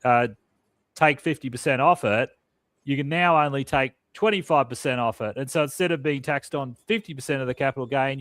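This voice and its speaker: A man's voice: mid-range voice, fairly bright tone, dry recording. A man co-hosting a policy podcast, talking through tax details hesitantly, with frequent restarts and repeated words. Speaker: podcast co-host. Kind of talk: casual policy discussion podcast.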